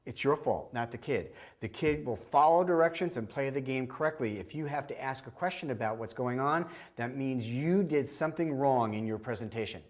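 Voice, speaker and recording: A man's voice: mid-range voice, normal speed, few pauses. A man, a hearing specialist, teaching a workshop with a practical demonstration. He talks directly and repeats his key points. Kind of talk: instructional demonstration.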